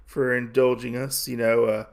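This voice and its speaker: A man plays a deferential father, soft-spoken and courteous, his voice lifted a little above normal talk. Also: mid-range voice, little pitch movement, moderate pace, vocal fry, close to an everyday voice. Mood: respectful. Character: polite humble father, adult man.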